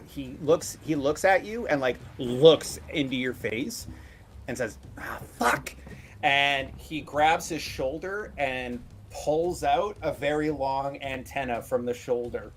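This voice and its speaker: A man's voice: medium pitch, takes it slowly, slight background noise. Man narrating as game master. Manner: casual, filler-heavy narration.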